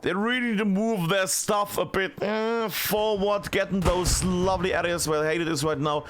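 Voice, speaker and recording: A man giving live play-by-play commentary on a video game match, chatty and excitable with many fillers. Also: high voice, moderate pace, soft background music. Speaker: esports caster.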